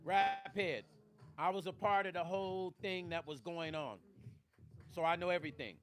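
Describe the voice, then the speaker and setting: A man's voice: sits high, moderate pace, soft background music. A middle-aged man hosting his own live stream, emotional and close to tears, speaking emphatically and directly to his viewers. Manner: tearful, emphatic, addresses viewers directly, swears. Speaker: vlog host.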